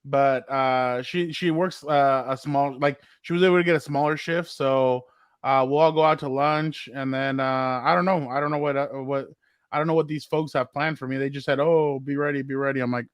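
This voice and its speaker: A man's voice: mid-range voice, fairly even intonation, normal speed, clear, resonant tone, no room sound, clean studio sound. A man co-hosting a sports podcast in casual chat, rambling with lots of fillers and acted-out quotes. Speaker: podcast co-host.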